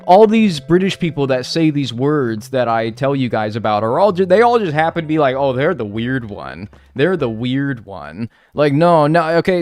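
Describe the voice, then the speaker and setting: Livestreaming a game, this man speaks in a somewhat high voice with no room sound. His casual gameplay commentary jumps from one chat reply to the next, and he's animated, rambling, profane, and leans heavily on "like."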